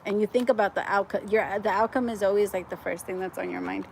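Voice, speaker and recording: This is a woman giving a tarot reading on a live stream, talking at a middling pitch. She rambles in a warm, effusive way and leans on "like" constantly. She breaks into easy laughs often. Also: quick pace, a little hiss or hum. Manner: chatty and effusive, heavy use of "like", frequent laughs; gets excited and loud at good news. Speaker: tarot reader.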